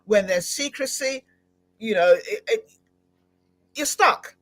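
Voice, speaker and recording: Animated woman hosting a podcast. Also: fairly high pitch, slow pace. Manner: animated, exclamatory, laughs often. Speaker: podcast host. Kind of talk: live-streamed interview chat.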